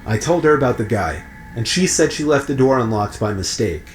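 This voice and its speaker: Man narrating a scary story, steady. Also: medium pitch, a little fast, slight background noise. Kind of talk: scripted narration.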